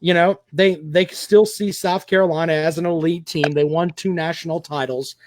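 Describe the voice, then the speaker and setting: A man's voice: on the high side, steady tone, normal speed, slight background noise. A man hosting a sports talk show, giving opinionated commentary at length. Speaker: podcast host.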